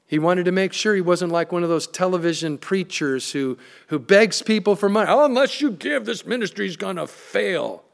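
A pastor preaching a sermon, emphatic and plain-spoken, with joking asides. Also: male voice, high-pitched.

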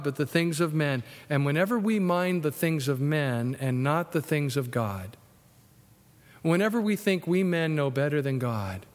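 A man preaching a sermon in a lively, conversational way, jumping into high voices when he acts out what people said. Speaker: pastor. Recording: long hall reverb.

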